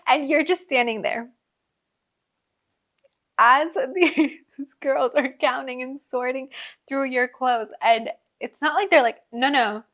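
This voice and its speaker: A woman's voice: high voice, takes it slowly, long pauses, fairly bright tone. A young adult woman hosting a podcast, telling casual travel stories in a chatty way, with frequent laughs and lots of fillers. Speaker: podcast host. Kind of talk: casual storytelling.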